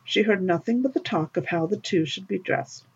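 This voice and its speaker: A woman narrating a fairy tale in an expressive, lilting storybook reading, on a dull lo-fi recording. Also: mid-range voice, normal speed, gravelly, breathy edge.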